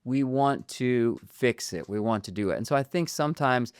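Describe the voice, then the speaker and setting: A man, a therapist and podcast guest, talking in an animated way and acting out dialogue as he tells stories. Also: medium pitch, moderate pace, clear, resonant tone, dry recording, studio quality. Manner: animated storyteller, acts out dialogue. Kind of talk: casual podcast conversation.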